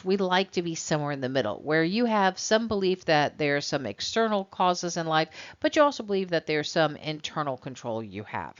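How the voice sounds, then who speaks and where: Woman prof lecturing, chatty, plays out little student back-and-forths, lowish voice that bounces around a lot, dull lo-fi audio. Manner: conversational, acts out student exchanges. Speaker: college psychology instructor. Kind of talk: recorded lecture. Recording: dull lo-fi recording.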